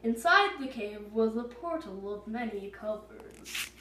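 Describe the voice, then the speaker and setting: A woman reading a story aloud, stumbling now and then over words and filling pauses. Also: fairly high pitch, animated, background noise. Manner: unpolished reading with stumbles and fillers. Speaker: reader. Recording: echoey room.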